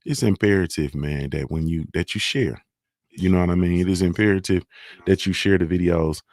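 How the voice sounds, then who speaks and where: A man's voice: low voice, steady tone, brisk, a little mellow, dry recording. A man hosting a casual solo morning show, talking in a laid-back way with lots of "man" and "you feel me" as he reads sponsor plugs. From Ohio.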